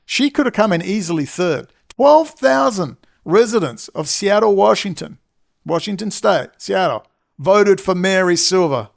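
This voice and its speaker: Exhausted, swearing male commentator; gravelly, raised pitch, angry rant. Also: animated, unhurried. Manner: ranting, swearing. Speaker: political commentator. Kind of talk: angry monologue.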